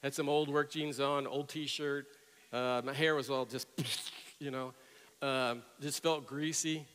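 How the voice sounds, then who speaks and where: A middle-aged male pastor preaching a sermon, telling stories and rising to loud, emphatic peaks. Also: mid-range voice, fairly even intonation, unhurried, slight background noise. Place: church sanctuary with long reverb. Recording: reverberant church hall.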